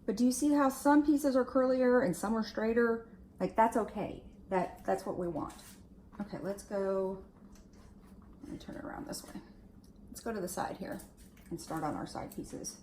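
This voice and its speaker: A woman at a styling station gives a relaxed hair tutorial, her speech loose and full of "like" and "okay". Her pitch sits right in the middle, and the room gives her voice a noticeable echo, with a faint hiss underneath. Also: normal speed. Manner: chatty, lots of fillers like "like" and "okay". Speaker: hair stylist demonstrating on a wig. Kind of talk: casual tutorial talk.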